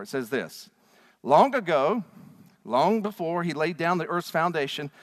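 A male pastor preaching in a church with a high, very lively voice that leaps up and down. He presses his points hard and throws questions at the congregation. His words ring out with the long reverb of a large hall. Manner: emphatic, animated preaching with rhetorical questions to the congregation. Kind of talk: sermon. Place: church sanctuary.

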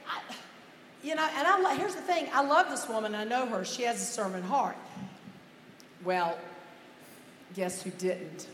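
A teacher and pastor's wife telling a humorous story in a sermon, animated and mock-outraged. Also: female voice, high-pitched, normal speed, long pauses, slight background noise. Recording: echoey hall with long reverb.

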